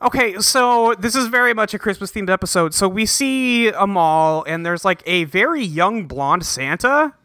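Bright-voiced man hosting a podcast. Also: sits high, lively intonation, moderate pace, few pauses, clean tone, dry recording, clean studio sound. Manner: laid-back, filler-heavy, recapping the plot. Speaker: podcast host. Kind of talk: casual podcast recap.

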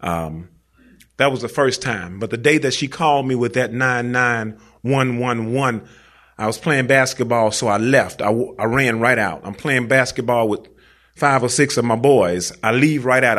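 Male storyteller at a live show, mid-pitch, loose and slangy, talks right at the crowd. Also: normal speed, fairly bright tone. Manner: casual slangy conversational telling, talks straight to the audience. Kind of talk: live personal storytelling on stage.

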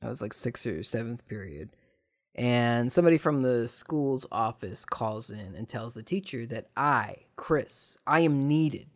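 Man in his thirties, casual comedic storytelling, sarcastic, rambling, mid-pitched voice. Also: lively intonation, measured pace. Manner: sarcastic, rambling with fillers and restarts.

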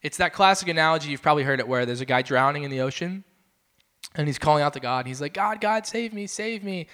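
A young man preaching as a pastor in a casual, conversational sermon, chatty and animated, acting out the voices of people in his stories. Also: on the high side, racing. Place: small church building, indoors.

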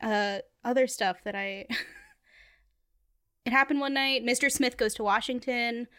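A chatty woman co-hosting a movie podcast, with a fairly high voice. She jokes at her own expense and laughs often. The sound is dry and close. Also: steady tone, a little slow, fairly bright tone, smooth, no room sound. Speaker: podcast co-host. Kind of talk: casual movie-review chat.

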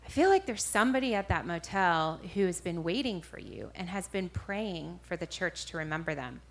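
A woman quoting a calm male evangelist friend, speaking quietly and earnestly. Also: lowish voice, normal speed, gravelly, full character voice.

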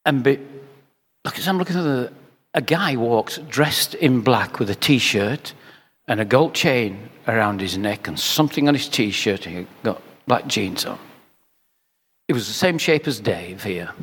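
An older man with a husky, fairly bright, medium-pitched voice preaches a sermon in a reverberant hall, animated at a measured pace. He slips into chatty anecdotes, repeating phrases for rhetorical effect.

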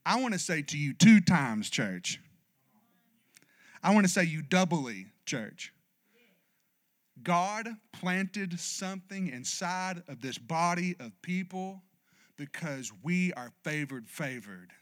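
A man's voice: a little high, expressive, slow pace. A man preaching a sermon as pastor, emphatic and passionate, calling for "amen" from his congregation. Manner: builds to loud, passionate exhortation.

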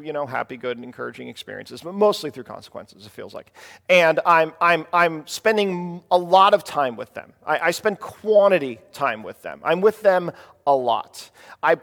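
A man in his thirties preaching a sermon, telling a family story in a halting, conversational way with many restarts. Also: fairly high pitch, vocal fry. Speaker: pastor. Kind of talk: sermon with personal stories. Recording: long hall reverb.

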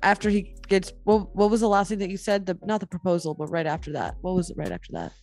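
A woman in a casual chat, playful and self-doubting, quick to laugh at herself. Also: on the low side, animated, darkish tone, soft background music.

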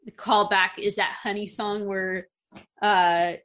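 A woman in casual chat, speaking thoughtfully and pausing on small hesitations. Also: medium pitch, flat delivery, a bit bright.

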